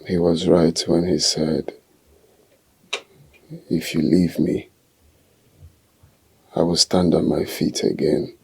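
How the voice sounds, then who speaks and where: An actor playing a husband who cannot walk, speaking in a gravelly, husky voice with anguished pleading. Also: male voice, low voice, a little mellow, full character voice. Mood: subdued. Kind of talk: film drama acting.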